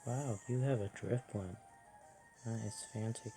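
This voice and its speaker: A soft-spoken person musing aloud while playing a video game, often self-deprecating. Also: mid-range voice, unhurried, faint music behind. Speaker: let's play host.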